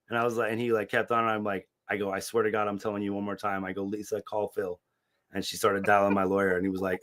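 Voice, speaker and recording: A middle-aged man telling a long story in casual chat, animated and profane, acting out the dialogue. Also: on the low side, fast. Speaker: podcast co-host.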